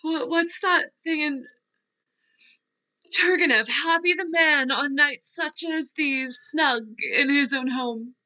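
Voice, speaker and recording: A woman's voice: high-pitched, slow pace, pushed and bright, heavily acted, poor audio. A woman playing Nina, a fragile, restless young actress, in a virtual play reading; she wavers and trails off, tearful as she speaks. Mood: wistful. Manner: wavering, laughing through tears, trailing off. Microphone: video call.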